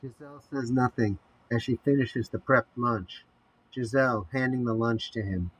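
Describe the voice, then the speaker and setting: A man narrating an audio drama, reading scene headings and stage directions in a measured way. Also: medium pitch, fairly even intonation, fairly bright tone, slightly rough, poor audio.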